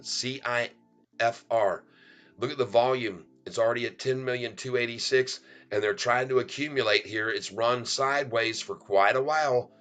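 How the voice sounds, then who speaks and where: A man's voice: mid-range voice, fairly bright tone. A middle-aged man hosting a stock market livestream, joking, rhyming and laughing often as he hypes his viewers. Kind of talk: playful sing-song stock chat.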